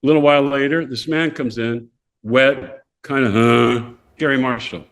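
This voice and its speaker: A man's voice: mid-range voice, moderate pace. An older man, a podcast guest, telling casual stories and acting out the voices of people in them. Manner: animated, acts out voices of people in his stories. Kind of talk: casual storytelling.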